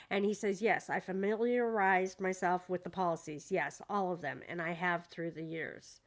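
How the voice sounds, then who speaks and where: A woman's voice: lowish voice, fairly even intonation, moderate pace. A woman at home casually reading a court deposition aloud and commenting on it, hesitant and full of fillers, sounding incredulous. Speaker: true crime commentator. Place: at home with her dogs.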